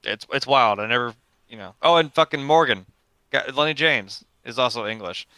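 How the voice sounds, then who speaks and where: A man co-hosting a film chat podcast, swearing constantly and rambling excitedly about movies. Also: mid-range voice, normal speed, clean tone, no room sound. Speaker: podcast co-host. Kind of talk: casual chat.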